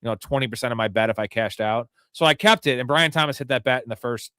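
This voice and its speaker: A man's voice: medium pitch, quick pace, a bit bright, smooth, no echo, studio quality. A tipsy man hosting a live fantasy football show, rambling, joking and swearing as he talks through the chat. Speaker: host.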